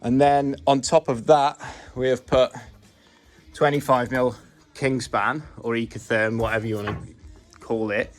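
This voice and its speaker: Speaking flatly and at a measured pace, a UK man narrates a casual vlog from inside the bus he's converting. His mid-range voice rambles along, plain-spoken and self-deprecating, over soft background music.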